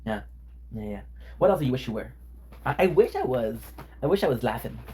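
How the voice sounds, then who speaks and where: A man's voice: mid-range voice, very animated, a little fast, dark tone, husky. A man streaming from his home kitchen, chatting casually with viewers in a playful, teasing, joking way. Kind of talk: casual live-stream chat.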